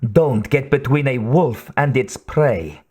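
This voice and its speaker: A man voicing a cold, seductive female sniper who taunts in a slow purr. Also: mid-range voice, animated, darkish tone, slightly rough. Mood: taunting.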